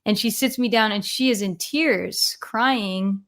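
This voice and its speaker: A woman's voice: mid-range voice, takes it slowly, fairly bright tone. Upbeat woman guest, laughing often. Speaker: podcast guest. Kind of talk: casual podcast interview.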